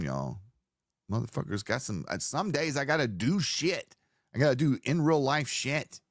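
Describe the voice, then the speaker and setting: Male stream host, loose profane rambling talk, mid pitch, dry close sound. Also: dry recording. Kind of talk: live stream commentary.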